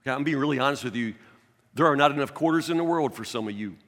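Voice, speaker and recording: A man preaching a sermon as a pastor in a conversational, animated way, recorded in a church sanctuary. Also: mid-range voice, very fast. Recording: long reverb of a large church hall.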